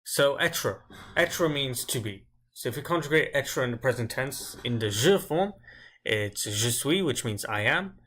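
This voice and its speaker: Man teaching verbs, slow and deliberate. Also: mid-range voice, lively intonation, a bit bright. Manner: slow, deliberate drilling of example words. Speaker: French language teacher. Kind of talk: explaining grammar step by step.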